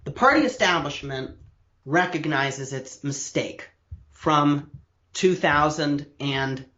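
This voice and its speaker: A man walks through political history for a podcast, lecturing in a detailed, casual way and often restarting his sentences. His voice sits a touch high. The recording is echoey and a little muffled. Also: slow, bright, forceful tone. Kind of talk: casual explanatory podcast chat.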